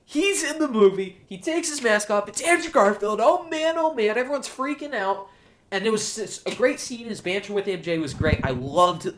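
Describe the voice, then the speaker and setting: A man hosting his own show, giving an excited, gushing solo movie review. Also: sits high, slight background noise. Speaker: show host, film reviewer.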